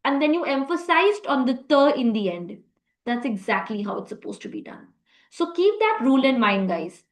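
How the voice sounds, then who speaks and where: A woman with a high, light voice leads a live online language class over a video call. She explains rules patiently and praises her students often. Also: big pitch swings, moderate pace, roomy sound, poor audio. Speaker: French teacher.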